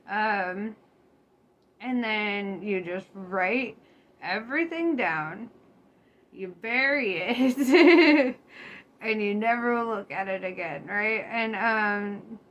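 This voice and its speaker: A woman's voice: medium pitch, fairly bright tone. Laughing, swearing young woman reading tarot. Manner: laughs often, swears freely, loose and chatty. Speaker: tarot reader. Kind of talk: casual tarot reading to viewers. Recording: faint background noise.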